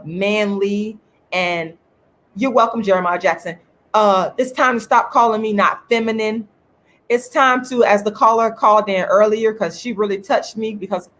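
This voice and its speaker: A woman hosts her own online show and delivers a fiery, repetitive monologue. Her voice sits at an ordinary middle pitch, and she keeps hammering her points home. Every so often she thanks viewers in the live chat. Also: fairly bright tone. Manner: emphatic, repetitive, preaching tone. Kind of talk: impassioned livestream monologue.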